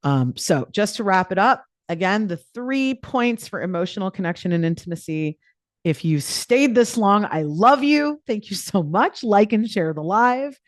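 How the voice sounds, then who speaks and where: A woman's voice: medium pitch, lively intonation, normal speed, no echo. Woman life coach doing a live call, chatty and playful, lots of likes and ums, dry close sound. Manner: chatty and playful, many fillers. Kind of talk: live online coaching talk.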